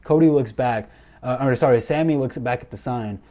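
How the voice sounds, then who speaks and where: A young man excitedly recapping a wrestling show, gushing and repeating himself as he goes. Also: medium pitch, normal speed, lo-fi sound. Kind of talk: enthusiastic recap commentary.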